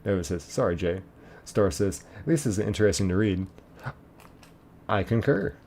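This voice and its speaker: A man's voice: lowish voice, expressive, normal speed, a little mellow, a little hiss or hum. A man streaming a game, casually reading chat messages aloud, laid-back and chuckling.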